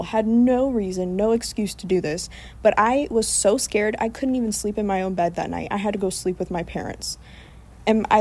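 A woman in her twenties, co-hosting a podcast and telling a scary story in casual, animated chat full of fillers. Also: medium pitch. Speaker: podcast co-host.

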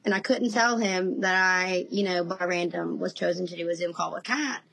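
A woman in her thirties, a guest in a casual interview, telling animated stories and laughing often. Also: fairly low pitch, normal speed, vocal fry, rough recording.

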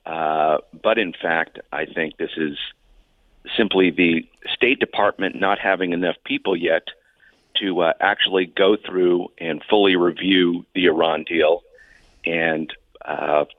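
Low-voiced man on a tinny phone line. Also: steady tone, unhurried, no room sound. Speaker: guest analyst. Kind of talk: phone-in interview.

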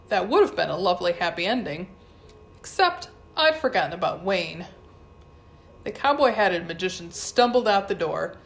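Woman reading a fantasy audiobook, lively, medium pitch. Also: slight background noise. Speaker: audiobook narrator. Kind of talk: first-person audiobook narration.

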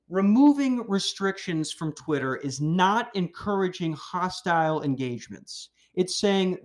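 A man hosting a podcast, ranting casually in a heated, profane, animated way. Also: sits high, normal speed, few pauses. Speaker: podcast host.

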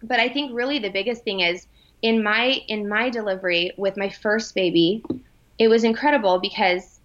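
A woman's voice: mid-range voice, normal speed. A young adult woman telling an emotional personal story in casual conversation, acting out the voices of people she quotes. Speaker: podcast guest. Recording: dull lo-fi sound.

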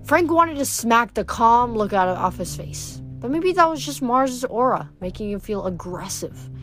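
A woman's voice: a little high, animated, moderate pace, music in the background. Woman steadily reading a novel aloud. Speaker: audiobook reader.

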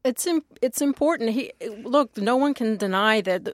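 A woman's voice: on the high side, animated, moderate pace, dry recording. A woman commentator arguing her point on a political panel. She is emphatic and earnest, repeating words as she restarts, and the sound is dry and close.

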